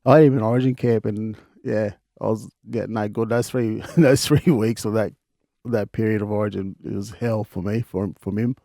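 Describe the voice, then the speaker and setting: A man's voice: on the low side, fairly even intonation, normal speed, vocal fry, dark tone, no echo, clean studio sound. Laid-back Australian man telling stories. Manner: laid-back, laughs often, many restarts. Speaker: podcast co-host, former player. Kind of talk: casual storytelling chat.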